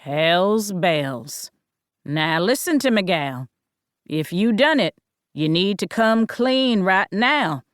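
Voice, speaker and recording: A woman doing a gruff, folksy Southern sheriff. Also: medium pitch, lively intonation, slow pace, no echo, clean studio sound. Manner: blunt, folksy, suspicious. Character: gruff drawling male small-town Southern sheriff.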